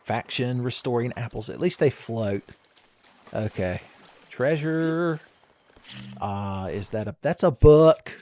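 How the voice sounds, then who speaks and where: A man's voice: medium pitch, expressive, slow, mellow, a little hiss or hum. A man giving casual, rambling gameplay commentary as a let's play host, joking and laughing often.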